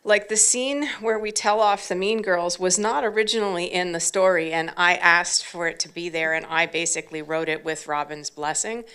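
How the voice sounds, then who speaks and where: A chatty woman telling stories as a panel guest, her voice low-pitched and gravelly with fry. Her tone is bright and forceful despite the low pitch. She talks casually and fills her sentences with "like.". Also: steady tone, moderate pace, hardly any pauses. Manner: chatty, with lots of fillers like "like". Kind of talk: casual anecdotal storytelling.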